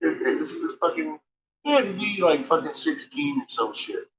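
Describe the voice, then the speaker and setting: A man's voice: a little high, lively intonation, moderate pace, crowd noise. A man telling rambling, profanity-laced stories in casual chat, laughing often between remarks. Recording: dull lo-fi stream audio.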